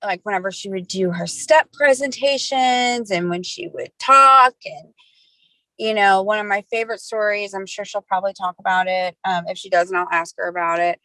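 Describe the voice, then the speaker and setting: A woman's voice: mid-range voice, normal speed, bright, forceful tone, no echo, rough recording. A woman hosting a podcast, introducing her guest in a chatty, gushing way full of fillers. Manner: chatty, gushing, many likes. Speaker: host.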